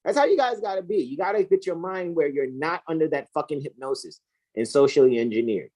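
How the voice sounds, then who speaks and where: Here a woman co-host talks fairly quickly, her tone warm and her intonation lively. The discussion is casual but heated, and she comes across as preachy, emphatic and profane, with her pitch rising and dropping widely.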